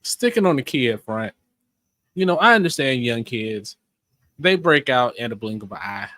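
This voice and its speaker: A laid-back man co-hosting a podcast with a bright, forward voice. He talks in an easygoing, wry manner and rarely swears. The recording is close and dry. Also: mid-range voice, big pitch swings, normal speed, dry recording. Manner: easygoing, wry, mild-spoken. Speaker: podcast co-host. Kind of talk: casual chat.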